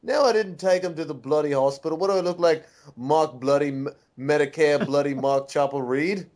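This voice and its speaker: A man imitating a bragging Australian criminal with a put-on accent. The voice swaggers, sits a bit high, and keeps tipping into laughter. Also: fairly quick, darkish tone, lightly acted. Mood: swaggering.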